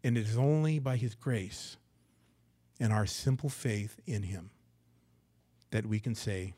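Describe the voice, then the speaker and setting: A man preaching a sermon in a church, swinging from loud, emphatic lines down to hushed, low asides. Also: measured pace, long pauses, slightly rough. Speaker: pastor. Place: church sanctuary.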